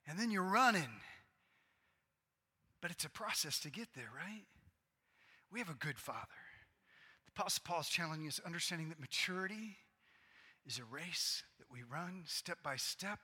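A pastor in his forties preaching a sermon to his congregation, earnest and bursting into loud, excited outbursts. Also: a little high, normal speed, breathy edge. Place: church sanctuary. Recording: long reverb of a large hall.

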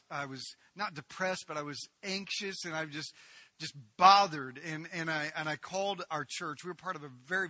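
A middle-aged male pastor delivers an impassioned sermon with a very bright, ringing tone and a slightly raised pitch. He swings from loud, emphatic declarations to hushed, personal storytelling, stumbling and restarting as he goes. The recording is dry and close, with no room sound. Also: dry recording. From United States. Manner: impassioned preaching, swinging between loud proclaiming and quiet storytelling; animated storyteller with many restarts and stammers.

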